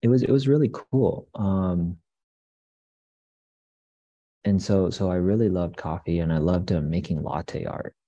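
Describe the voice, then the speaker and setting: A young man and coffee shop owner, telling stories in a relaxed, rambling way with many fillers and restarts. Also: sits low, a little slow, long pauses, dry recording, highs cut off. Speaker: guest, coffee business owner. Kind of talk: casual interview storytelling.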